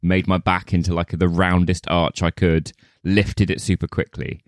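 Brief: low-voiced male podcast co-host, dry close mic, rambling and jokey. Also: flat delivery, moderate pace, dry recording. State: sore back. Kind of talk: casual chat.

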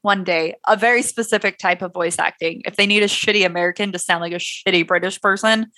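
A woman's voice: mid-range voice, steady tone, quick pace, bright, forceful tone, no echo. A young woman co-hosting a podcast, playful and sarcastic, swearing casually as she presents a history topic. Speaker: podcast co-host.

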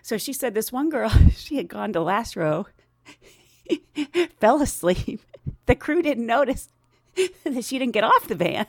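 Middle-aged woman host, chatty travel anecdotes with lots of laughter; very lively, dry close sound. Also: on the high side, unhurried, long pauses, dry recording. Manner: animated, laughs often, acts out quoted voices. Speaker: podcast host, flight attendant. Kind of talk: casual storytelling.

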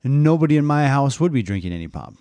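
A man's voice: mid-range voice, very animated, fast, warm tone, dry recording. A middle-aged man and father hosting a casual family podcast, teasing and rambling with restarts into a podcast microphone.

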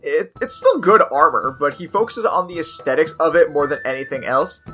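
Low-voiced woman running a tabletop game. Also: brisk, slightly rough, faint music behind. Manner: relaxed, improvising. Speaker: game master.

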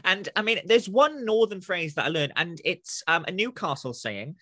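A man from southern England hosting a podcast interview, excitable and quick to laugh. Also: high voice, dry recording, clean studio sound. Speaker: podcast host.

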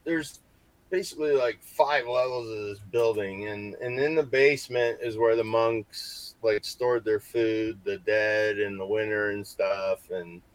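A man's voice: on the low side, steady tone, measured pace, no echo. A man who investigates hauntings, telling a story in casual podcast chat and rambling through fillers and restarts. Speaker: paranormal investigator.

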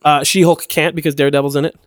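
A man in his thirties co-hosting a podcast who rattles off strong opinions at speed, cursing freely. His voice sits somewhat high and sounds close and dry, with no room around it. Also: level tone, no room sound. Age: 30s. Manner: fast, opinionated, heavy swearing. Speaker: podcast co-host. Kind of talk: casual chat.

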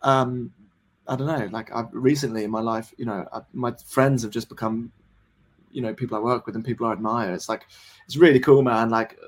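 A young man in his twenties, a band member guest in a casual podcast interview, rambling, excitable and swearing freely. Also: medium pitch, brisk, slight background noise. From United Kingdom. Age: 20s.

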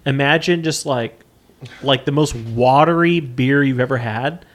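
A man's voice: medium pitch, measured pace. A man co-hosting a podcast, chatting casually and laughing while reviewing beer. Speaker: podcast co-host. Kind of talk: casual chat.

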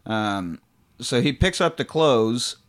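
A man chatting casually as a podcast co-host, retelling a film with swearing and quick put-on lines for the characters. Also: medium pitch, lively intonation. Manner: profane, acts out characters' lines in quick asides. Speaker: podcast co-host recapping a movie.

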